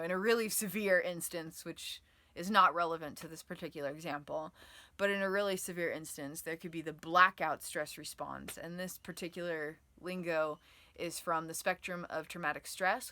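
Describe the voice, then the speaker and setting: A woman's voice: fairly low pitch, moderate pace, pushed and bright. A woman giving an online lesson on the nervous system, explaining with many fillers and sometimes acting out inner voices. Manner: explanatory, filler-heavy with frequent "like" and "um"; acts out inner voices dramatically. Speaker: trauma and nervous-system educator. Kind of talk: online teaching video.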